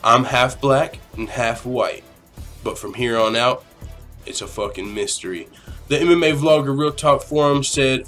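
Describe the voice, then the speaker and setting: A man in his twenties hosts a casual podcast question-and-answer session, his voice sitting at a middling pitch. He rambles, curses freely and airs strong opinions. Faint music plays softly in the background. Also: unhurried. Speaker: podcast host.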